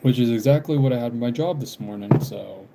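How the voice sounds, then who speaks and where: A young man live-streaming while doodling, talking casually in halting bits, sighing and apologizing because he has the hiccups. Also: medium pitch, creaky, very noisy. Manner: halting, apologetic, frequent sighs and small laughs.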